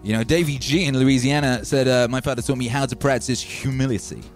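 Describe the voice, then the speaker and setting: A man's voice: mid-range voice, steady tone, a little fast. A man, chatting loosely as a livestream DJ host and reading out viewer messages. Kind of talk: casual livestream chat. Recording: music playing faintly behind.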